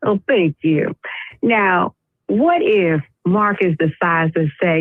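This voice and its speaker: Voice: medium pitch, a little slow, dry recording. An enthusiastic caller chatting on a livestream. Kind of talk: casual call-in chat. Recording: phone line.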